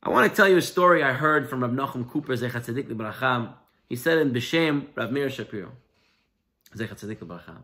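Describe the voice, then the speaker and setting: A man, a rabbi, giving an animated Torah class, telling a parable and swinging between emphatic and soft delivery. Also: mid-range voice, brisk.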